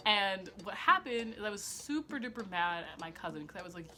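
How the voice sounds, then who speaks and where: A woman's voice: mid-range voice, lively intonation, quick pace, few pauses, pushed and bright. A young woman telling a personal story in a casual, profane way, with lots of "like" and laughter at herself. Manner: chatty and profane, heavy use of "like"; self-mocking, laughing at herself. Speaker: vlogger.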